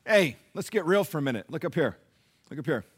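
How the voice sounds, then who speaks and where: Pastor, male, mid-high voice, preaches with dramatic loud-soft swings. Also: very animated, fast talker, slightly rough. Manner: storytelling preacher, swings between low murmurs and loud emphatic peaks. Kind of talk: sermon.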